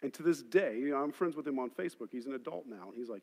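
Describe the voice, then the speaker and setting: A man preaching a sermon as pastor, telling stories and shifting between loud emphasis and quiet asides. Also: mid-range voice, rapid-fire, husky. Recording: long hall reverb.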